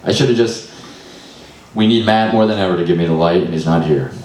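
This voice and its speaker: A man's voice: deep voice, fairly quick, a little mellow, a little hiss or hum. A young man doing loose, self-deprecating stand-up at an open mic, swearing often and sounding frazzled. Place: small comedy venue. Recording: echoey room, mic far off.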